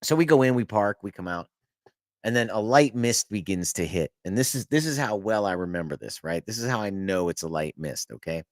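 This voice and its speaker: A man with a voice on the low side hosts a podcast, briskly telling a long story in casual chat. He gets animated, swears, laughs mid-story, and keeps restarting sentences, in studio-quality sound without room noise.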